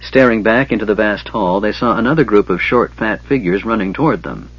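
A man reading a fantasy novel aloud in steady, scripted narration. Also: lowish voice, brisk, husky. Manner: steady, even storytelling. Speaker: audiobook narrator. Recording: dull lo-fi recording.

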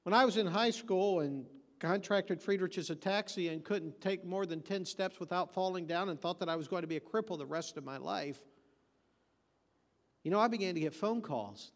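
A man with a high-sitting voice preaches a sermon in a big-sounding room. He tells folksy stories and delivers jokes, then drives his points home through emphatic repetition.

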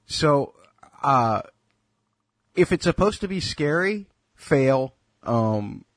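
A man chatting casually about a show in a wry, animated way. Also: on the high side, slow, dry recording. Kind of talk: casual chat.

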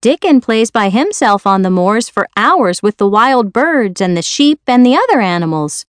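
A woman's voice: a little high, sing-song, normal speed, no room sound, clean studio sound, voice pushed up. A woman voicing a kind, talkative young female maid from Yorkshire with a Yorkshire accent, in a storybook reading. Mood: chatty.

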